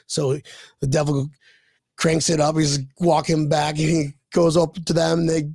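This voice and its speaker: A man co-hosts a casual sports podcast, his slightly high voice gravelly and rough. He tells rowdy jokes and swears freely. The recording is dry and close, with no room sound. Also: level tone, a little slow, darkish tone, no room sound. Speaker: podcast co-host.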